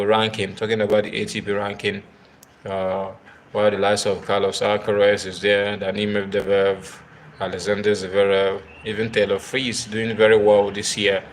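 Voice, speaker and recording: A tennis live-stream host talks casually in a low, gravelly voice, speaking in halting bursts packed with fillers and repeated words. He keeps turning to his viewers to ask for their comments.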